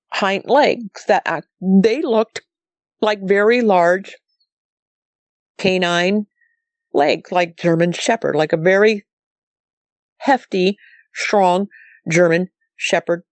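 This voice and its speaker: A woman's voice: medium pitch, slow, long pauses, no echo. A middle-aged woman from Montana telling her own story as a guest, rambling and quoting herself and others as she goes. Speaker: guest recounting a sighting. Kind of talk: casual storytelling.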